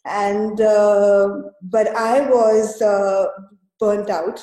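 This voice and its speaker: A woman's voice: medium pitch, little pitch movement, very slow, mellow, roomy sound, poor audio. A woman guest telling her own story in an interview, hesitant and full of fillers and restarts. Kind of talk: conversational storytelling.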